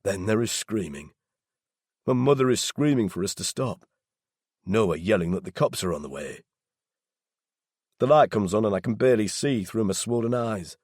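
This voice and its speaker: A man reads a first-person audiobook in a very deep, husky voice with a tense, low intensity. The sound is close and completely dry, with no room around it. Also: lively intonation, normal speed, long pauses, a little mellow, no room sound. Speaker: audiobook narrator.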